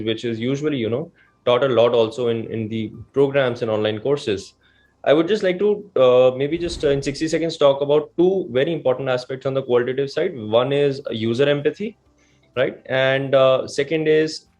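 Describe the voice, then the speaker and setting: A man answering as a panelist, halting and repeating words, often ending with "right?". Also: medium pitch, darkish tone, muffled recording. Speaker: panelist, co-founder.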